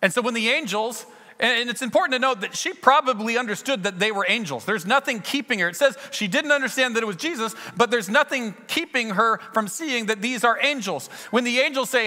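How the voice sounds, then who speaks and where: A man preaching a sermon in a church, retelling scenes with lively acted dialogue. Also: very high voice, fairly quick, long reverb tail. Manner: earnest storytelling, acting out scenes with shifts in loudness. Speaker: pastor.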